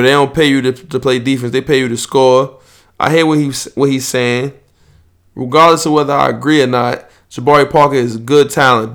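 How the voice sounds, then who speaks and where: A man's voice: medium pitch, a bit bright. A young man, hosting a podcast and rambling loosely and profanely in casual sports chat. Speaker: podcast host.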